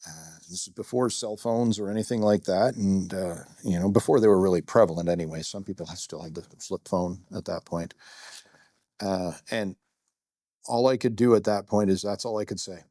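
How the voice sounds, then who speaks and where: A man's voice: low-pitched, moderate pace, warm tone, no room sound, studio quality. A middle-aged man, a security guard, telling a first-person story in a candid, self-deprecating way, rambling with fillers.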